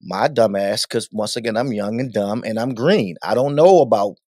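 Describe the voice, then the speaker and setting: Middle-aged dj guy telling a story, lively and loose, laughs and cusses, dry close sound. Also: on the low side, moderate pace, no room sound. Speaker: DJ guest. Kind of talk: casual storytelling interview.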